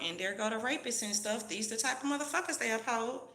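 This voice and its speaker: A woman rants to her camera in a heated, profane, sermon-like way. Her voice is gravelly and sharp, pitched a little high, and it bounces around an echoey room. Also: fast. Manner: profane, preachy, heated rant. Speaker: vlogger. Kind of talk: ranting commentary to camera.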